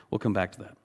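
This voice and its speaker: Conversational male pastor preaching. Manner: conversational, animated preaching with frequent "okay?" check-ins. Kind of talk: sermon.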